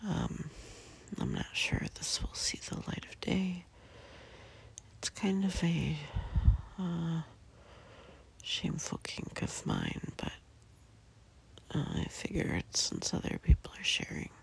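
Sleepy, breathy whisper, very slow. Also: medium pitch, huge pitch swings, low-quality recording. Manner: soft hushed whisper with hesitant fillers. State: sleepy, just woken. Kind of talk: whispered casual monologue. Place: in bed, indoors.

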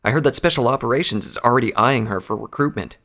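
A sneering, mocking stallion recruit, as a male narrator puts him on in a storybook reading. He is loud and derisive, with a gravelly texture to the voice. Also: mid-range voice, fast, natural voice. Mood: boastful. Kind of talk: audiobook character voice.

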